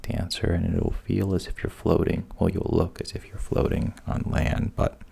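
A man quietly voicing a scheming sea witch, whispered role-play. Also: low-pitched, level tone, normal speed, full character voice. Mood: bargaining. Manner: soft, breathy, half-whispered delivery. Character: scheming female sea witch, bargaining coolly.

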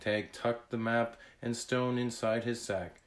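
Slow, deliberate male storyteller. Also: mid-range voice, steady tone. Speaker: narrator. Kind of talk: children's story read-aloud.

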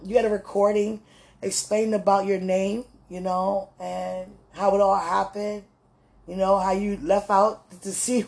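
A woman's voice: mid-range voice, a little mellow. Woman gushing to her fiancé, laughs a lot, sweet and churchy. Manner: affectionate, laughing, gushing, religious. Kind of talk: casual heartfelt talk to her fiancé.

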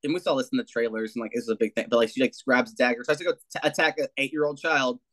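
A man's voice: medium pitch, fairly even intonation, racing, a bit bright. A man co-hosting a casual TV review chat, talking in a laid-back, profane way and slipping into mocking quotes. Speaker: podcast co-host.

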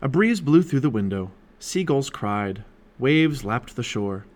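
A man's voice: mid-range voice, measured pace. A man narrating a children's chapter book aloud for his family. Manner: animated storytelling. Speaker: storybook reader.

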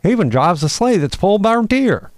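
A man's voice: high voice, sing-song, brisk, no room sound, studio quality, voice pushed up. A man voicing a cheerful flying female possum hero in a storybook read-aloud, friendly and folksy. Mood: chipper.

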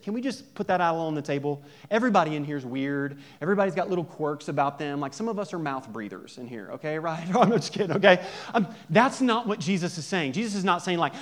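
A man pastor preaching a conversational sermon, joking and asking his listeners many questions. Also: on the high side.

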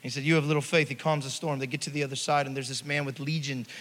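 A man preaching a sermon, telling stories and swinging between hushed passages and loud, stirring ones. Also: mid-range voice, little pitch movement, quick pace. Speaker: pastor. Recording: hall reverb.

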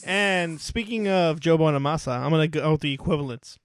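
A man's voice: a little high, fairly quick. A man co-hosting a casual podcast, joking around and laughing often. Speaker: podcast co-host. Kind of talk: casual chat.

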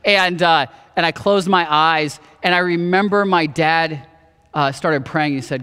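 A man's voice: on the high side, measured pace, smooth. Man in his thirties preaching in a reverberant hall. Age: 30s. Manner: earnest personal storytelling, drops soft for quotes. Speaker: pastor. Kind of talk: sermon. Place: church auditorium. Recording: long reverb of a church hall.

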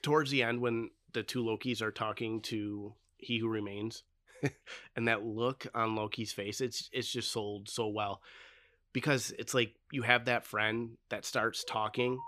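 A man's voice: fairly low pitch, steady tone, unhurried, sharp tone, no room sound. A man co-hosting a podcast, chatting casually and sharing trivia and opinions. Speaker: podcast co-host. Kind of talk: casual chat.

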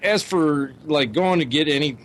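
A man's voice: on the high side, normal speed, a bit bright, a little hiss or hum. A man telling a wry, rambling story about his childhood in a podcast chat. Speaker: podcast co-host. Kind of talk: casual chat.

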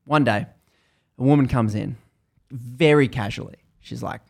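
A man's voice: mid-range voice, measured pace, vocal fry, darkish tone. A man casually retelling a story to a co-host, chatty and full of fillers.

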